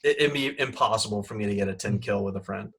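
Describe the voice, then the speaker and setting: A man's voice: lowish voice, quick pace, creaky, fairly bright tone, slightly rough. A man hosting a gaming podcast, talking casually in a rambling way full of fillers and chuckles. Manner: rambling, filler-heavy, chuckles between phrases. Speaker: podcast host. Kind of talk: casual chat.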